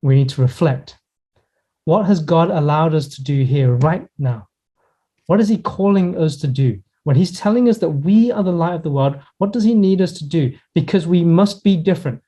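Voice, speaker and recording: A male pastor preaching a sermon in an earnest, reflective way, slowing down and pausing to stress key words. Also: fairly high pitch, warm tone. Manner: earnest, reflective preaching with pauses and slowed emphasis. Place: church in Hong Kong.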